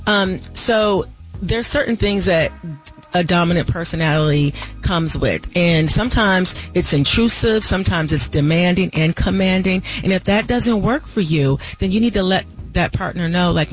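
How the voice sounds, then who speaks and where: A woman relationship expert guesting on a call-in radio show, giving callers measured, reassuring advice. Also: fairly low pitch, soft background music, low-quality recording.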